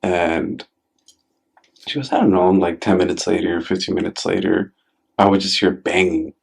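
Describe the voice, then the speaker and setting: A man's voice: sits low, normal speed, vocal fry, breathy edge. A man hosting a podcast in a casual chat. He tells stories with many fillers and swears now and then, and acts out quotes in a raised voice. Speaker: podcast host.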